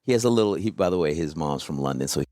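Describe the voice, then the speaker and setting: A man with a very deep, low voice tells stories at an easy pace as an interview guest. The sound is dry and close, and he often checks in with "you know what I mean". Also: fast, no room sound. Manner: relaxed storyteller, keeps saying "you know what I mean". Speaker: guest, coach. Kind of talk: casual interview storytelling.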